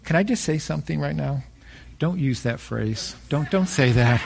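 A middle-aged man preaching a sermon as a pastor, conversational and storytelling, with animated peaks. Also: fairly high pitch, normal speed, creaky, breathy edge.

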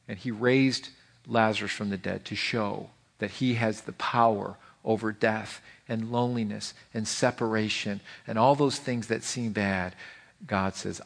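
A man's voice: on the low side, fairly even intonation, unhurried, creaky. A man preaching a sermon as pastor, impassioned, with lots of repeated phrases and restarts. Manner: impassioned, repeats phrases, voices God in quotes.

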